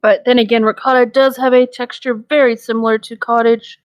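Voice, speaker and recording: Higher-voiced woman co-host, dry sound. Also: flat delivery, a little fast, clear, resonant tone, no room sound. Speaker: podcast co-host. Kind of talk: casual chat.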